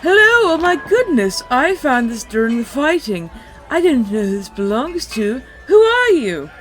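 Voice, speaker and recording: A jittery high elf scout with a shrill, squeaky, breathless voice that jumps far above the speaker's own, as a man puts him on. He sounds eager and flustered. Faint music plays behind him. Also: big pitch swings, moderate pace, fairly bright tone, heavily acted.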